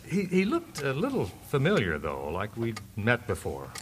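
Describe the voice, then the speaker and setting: A man's voice: medium pitch, huge pitch swings, normal speed, fairly bright tone, slight background noise. An actor playing a friendly, easygoing 1950s family father in a radio drama. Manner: easygoing, laughs often. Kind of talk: 1950s-style radio acting.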